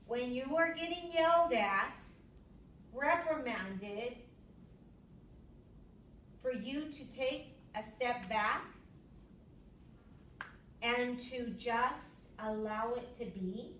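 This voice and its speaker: Lively woman lecturing in an echoey classroom. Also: slight background noise. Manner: lively storyteller, acts out her own yelling in a high voice. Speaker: yoga teacher. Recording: echoey room, far from the mic.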